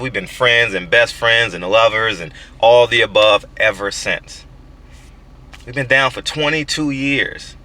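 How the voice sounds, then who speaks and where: A man's voice: medium pitch, pushed and bright. A man in his forties hosting a boxing channel, talking in a casual, profane, emphatic monologue with stammered restarts.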